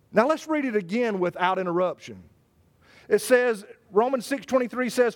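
A man preaching a sermon, stressing his words, repeating phrases and slowing down on scripture. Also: very high-pitched, a bit bright. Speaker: pastor. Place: church service.

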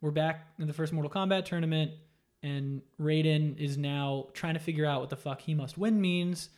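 A man's voice: fairly high pitch, normal speed. A man casually retelling a video game story in a loose, profane way, acting out the characters' lines. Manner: animated, profane storytelling with acted-out quotes.

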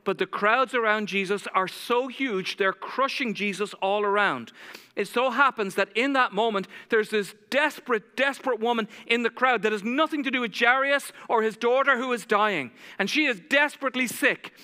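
A man's voice: very high-pitched, normal speed, pushed and bright, smooth, in a large hall. A man preaching a sermon as pastor, telling stories dramatically and acting out the voices of the people in them.

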